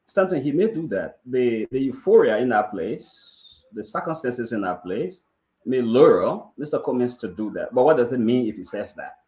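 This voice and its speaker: A man weighs the politics in a measured way, his voice at a middle pitch. The sound is roomy and echoey. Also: expressive, warm tone. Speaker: political commentator. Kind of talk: talk show analysis. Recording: echoey room.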